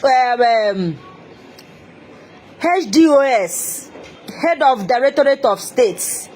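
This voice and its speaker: A woman with an Igbo Nigerian accent ranting on a live stream, taunting and laughing, repeating her jabs. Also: sits high. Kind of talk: mocking live-stream rant mixing Igbo and English.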